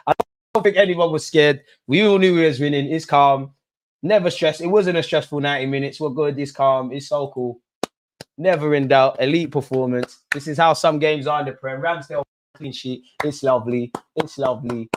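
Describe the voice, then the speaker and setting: A young man hosting a live football watch-along, swinging between low muttering and yelling at the referee. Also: fairly quick. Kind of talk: live match reaction.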